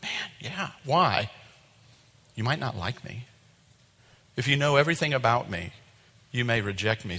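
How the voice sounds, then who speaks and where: A man preaching a sermon to his congregation in an animated way, acting out quoted voices. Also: fairly low pitch, long reverb tail. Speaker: pastor. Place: church sanctuary.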